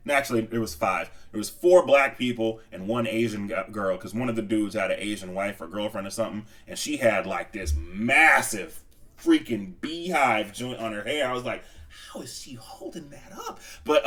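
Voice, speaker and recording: A man's voice: lowish voice, moderate pace, distant mic. A man co-hosting a casual movie podcast, telling stories with acted-out quotes and frequent laughter. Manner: animated storyteller, acts out quotes, laughs a lot. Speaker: podcast co-host. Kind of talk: casual movie review chat.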